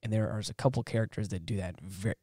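A man's voice: on the low side, fast, mellow, husky, no room sound, studio quality. Rambling man in casual film chat. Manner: rambling, many restarts and fillers. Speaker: podcast co-host.

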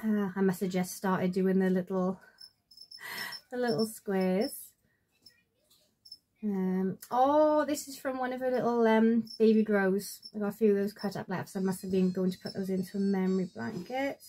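Woman, 30s, rambling casual craft chat at home, lots of ums, middle pitch. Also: fairly even intonation, moderate pace, mellow. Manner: chatty and rambling, with many fillers and trailing asides. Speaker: crafter showing her sewing projects. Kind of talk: casual show-and-tell vlog.

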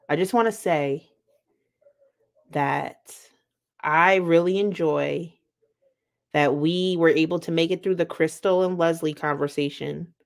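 A woman reacts to a video on her live stream, chatty and emphatic, often breaking into laughter. Her voice sits a little low for a woman.

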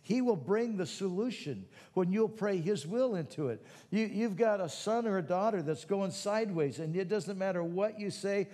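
A man preaching a sermon, moving between quiet teaching and loud, fervent calls to prayer. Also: high voice, animated, moderate pace, hardly any pauses, in a large hall. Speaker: pastor.

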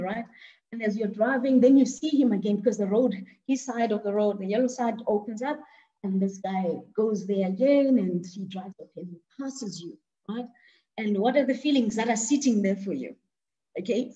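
A woman's voice: mid-range voice, normal speed, dark tone, dull audio. A woman leading an interactive online talk, asking the audience questions and often repeating words as she thinks aloud. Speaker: speaker leading an online discussion.

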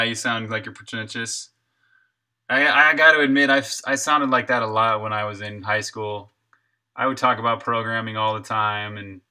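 A man's voice: fairly low pitch, pushed and bright, clear, resonant tone. A man, an indie game developer, chatting casually on a live stream while he works, thinking aloud, answering chat and chuckling often.

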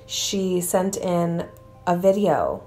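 A young woman with a lowish voice reads viewers' scary stories aloud. She chats casually, full of fillers, and gets spooked easily. Soft music plays faintly under her voice. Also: big pitch swings, takes it slowly. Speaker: YouTuber reading viewer stories. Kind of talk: casual storytelling read-aloud.

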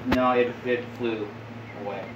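A man's voice: medium pitch, steady tone, measured pace, lo-fi sound, slight background noise. Crude, rambling young man, roomy sound. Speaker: host. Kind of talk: casual stoned commentary.

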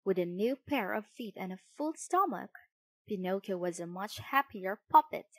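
Woman storyteller, lively melody, slow pace, dry close sound. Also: medium pitch, dry recording. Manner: expressive, unhurried. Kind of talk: children's storybook narration.

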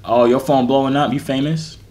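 A man's voice: medium pitch, fairly even intonation, a little fast, a little mellow. Playful young man chatting on a noisy phone call.

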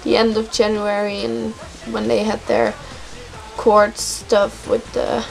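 A young woman vlogging as an excited K-pop fan, gushing and repeating words for emphasis. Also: medium pitch, takes it slowly, vocal fry. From Netherlands. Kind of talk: excited casual vlog. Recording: faint music behind voice.

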